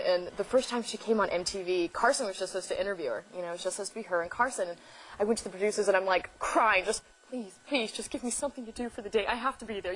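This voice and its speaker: A woman's voice: medium pitch, a bit bright, slight background noise, rough recording. A young adult woman, a talk show guest, telling stories in casual chat and acting out her own flustered reactions.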